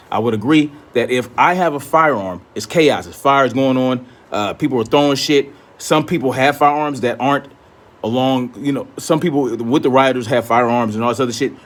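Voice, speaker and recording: A man giving a blunt, profane, confrontational commentary, often repeating himself for emphasis. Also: mid-range voice. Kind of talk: ranting commentary.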